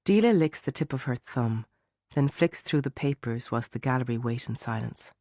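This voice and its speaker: A man's voice: mid-range voice, expressive, normal speed, darkish tone, dry recording. Male audiobook narrator, dry close sound. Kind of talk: scripted narration.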